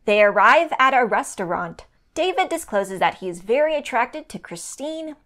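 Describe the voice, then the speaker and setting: A woman's voice: on the high side, big pitch swings, normal speed, a bit bright. A woman co-hosting a recap podcast, reading a scripted summary with wry asides. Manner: wry, laughs between lines.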